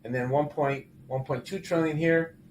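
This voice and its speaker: A middle-aged man hosting casual market commentary, animated and exclaiming as he walks through figures. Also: a little high, normal speed, a little hiss or hum. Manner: animated, exclaiming and laughing at the numbers. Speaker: show host.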